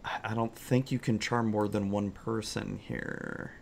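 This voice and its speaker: Low-voiced man running a tabletop game. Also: fairly even intonation, gravelly, crowd noise. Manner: halting, searching descriptions with many fillers. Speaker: game master.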